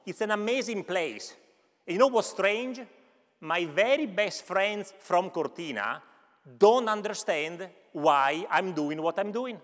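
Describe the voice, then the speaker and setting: Delivering a conference keynote as an alumnus, this Veneto man in his fifties talks in a chatty way with a regional Italian accent and jokes with the crowd. His voice sits high with a fairly bright tone, and the large university auditorium gives the recording an echoey lecture-hall sound.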